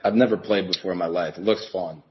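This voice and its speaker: A man's voice: sits low, fast, husky, muffled recording. A man co-hosting an interview, asking questions hesitantly with many ums. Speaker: co-host.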